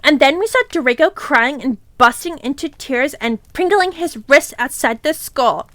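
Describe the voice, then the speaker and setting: A woman's voice: sits high, lively intonation, a little slow, fairly bright tone, dry recording. A woman streamer reading a fanfic aloud, irreverent and swearing, with giggly asides.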